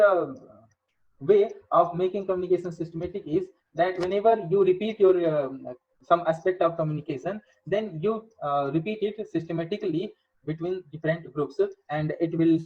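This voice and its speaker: A man giving a recorded engineering lecture, in a halting way with many fillers. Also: high voice, breathy edge. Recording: dull lo-fi lecture audio.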